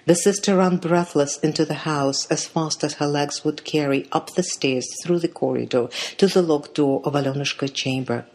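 Husky-voiced storyteller reading a fairy tale. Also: mid-range voice, a little mellow. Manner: measured, dramatic read-aloud delivery.

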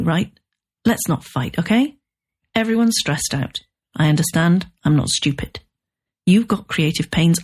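A woman voicing a pushy male literary agent who sounds shrill, pleading and wound up. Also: a little mellow, husky, exaggerated voice.

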